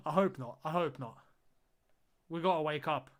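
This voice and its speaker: A man's voice: a little high, a little slow, a little hiss or hum. A man streaming a football watch-along, reacting live to the match and repeating phrases as he groans and exclaims at the play.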